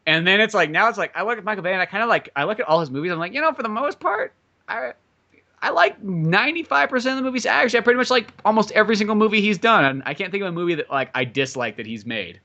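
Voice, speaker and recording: A man's voice: sits high, expressive, very fast, pushed and bright, highs cut off. A young man co-hosting a comedy podcast, rambling casually about movies and swearing freely. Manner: rambling, swears a lot, jokey impressions. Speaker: podcast co-host.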